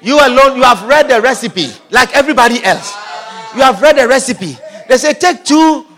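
A man preaching a sermon in an emphatic, repetitive manner, often shouting and laughing. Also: very high-pitched, expressive, fairly quick.

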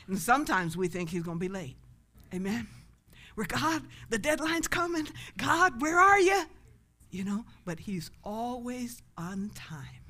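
A woman pastor preaching a sermon, shifting from loud impassioned cries to soft, hushed words. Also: mid-range voice. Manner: quotes prayers in an impassioned pleading voice.

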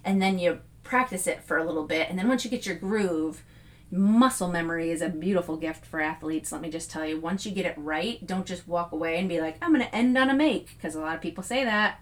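A woman's voice: lowish voice, brisk. A middle-aged woman hosting a podcast, giving casual motivational talk with frequent fillers and laughs. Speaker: podcast host.

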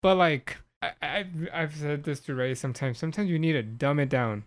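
A man's voice: fairly high pitch, moderate pace. A man co-hosting a podcast in casual chat, rambling and laughing easily. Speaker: podcast co-host.

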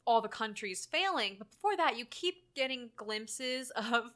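A woman co-hosting a casual movie podcast, retelling scenes with lively acted-out quotes and bursts of laughter. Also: fairly high pitch, measured pace. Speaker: podcast co-host.

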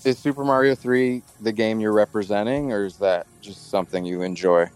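A man chatting casually as a guest on an online show, relaxed and easygoing. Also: lowish voice, fairly quick, clear, resonant tone. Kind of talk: casual chat.

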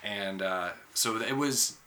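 Bright, lower-voiced male co-host. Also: slow, slight background noise. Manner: laid-back, short agreeing replies with longer musings. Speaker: podcast co-host. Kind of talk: casual podcast chat.

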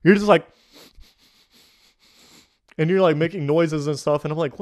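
A man's voice: fairly high pitch, a little slow, pauses often. A young man co-hosting a casual podcast, telling a story with laughter and acted-out quotes. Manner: animated, laughing, swearing, acts out quotes. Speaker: podcast co-host.

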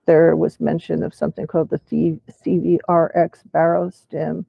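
Husky, gravelly man with halting speech. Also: on the high side, completely flat delivery, no echo, dull audio. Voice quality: weak, poorly closing vocal cords. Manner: halting, with restarts and clinical terms. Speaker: participant in a patient discussion. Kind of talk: casual chat.

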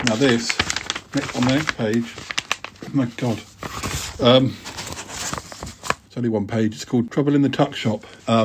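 A man's voice: mid-range voice, a little mellow, a little hiss or hum. A middle-aged man hosting a podcast alone, rambling through old keepsakes with self-deprecating asides. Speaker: podcast host. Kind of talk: casual solo chat, reading old writing aloud.

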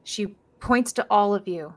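A woman narrating as game master of a tabletop game, dropping into hushed whispers for eerie scenes. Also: mid-range voice, measured pace.

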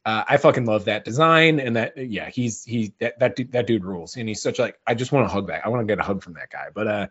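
A man in casual podcast chat, animated and swearing freely, with lots of "like" fillers, on a dull lo-fi recording. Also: on the low side, fast, hardly any pauses, breathy edge. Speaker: podcast co-host. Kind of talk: casual chat about a film. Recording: dull lo-fi sound.

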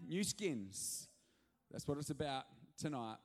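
A male pastor giving an animated, joking sermon with sudden loud rises in a church hall. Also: mid-range voice, normal speed. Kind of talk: energetic sermon.

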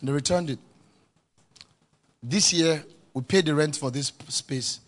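A man's voice: a little high, measured pace. A man preaching a sermon as pastor, emphatic and calling out to the congregation for responses.

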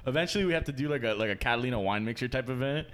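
A man co-hosting a casual podcast, trading crude jokes, laughing often and talking loudly. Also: medium pitch, very fast, over a noisy crowd. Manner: laughs a lot, loud and animated. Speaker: podcast co-host.

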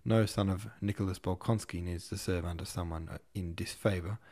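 A man voicing a gruff, irascible old prince who talks brusquely and quickly, barking his words. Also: low voice, steady tone, darkish tone.

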